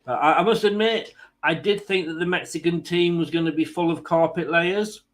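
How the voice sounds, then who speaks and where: A man's voice: on the high side, normal speed. Joking man calling a match live. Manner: jokey, rambling, self-mocking banter. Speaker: host of a football watchalong stream. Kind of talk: live match commentary with casual chat.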